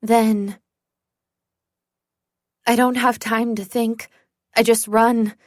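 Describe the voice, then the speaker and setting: Slow, higher-voiced woman narrator. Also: little pitch movement, dry recording, clean studio sound. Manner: measured, suspenseful storytelling. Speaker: audiobook narrator. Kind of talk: first-person thriller narration.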